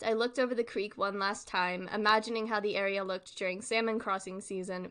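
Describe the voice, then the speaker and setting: Giggly, bright-voiced young woman streamer. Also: medium pitch. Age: young adult. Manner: giggly, rambling, laughs often. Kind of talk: casual live-stream chat.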